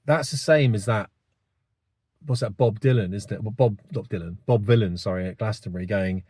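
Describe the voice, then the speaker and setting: A man's voice: medium pitch, brisk, darkish tone, breathy edge, no echo, studio quality. A man, delivering a rambling, blunt opinion monologue to camera with many asides. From England. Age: 50s. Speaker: vlogger.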